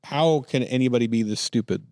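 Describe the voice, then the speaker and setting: A man's voice: mid-range voice, a little fast, darkish tone, smooth, no room sound, studio quality. A man hosting a comedy podcast, reading news headlines aloud and joking with puns and frequent laughs. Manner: jokey, laughs often, puns. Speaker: podcast host.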